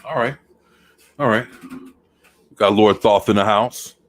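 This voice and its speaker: A man's voice: fairly low pitch, slow, slight background noise. A man co-hosting a casual podcast, laid-back and greeting viewers by name. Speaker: podcast co-host. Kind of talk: casual chat.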